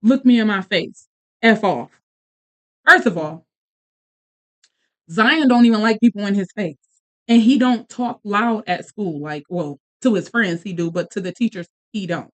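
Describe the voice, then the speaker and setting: A woman in her thirties, a podcast host and mother, telling a story in casual chat with quick bursts, restarts and asides. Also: medium pitch, lively intonation, fairly bright tone.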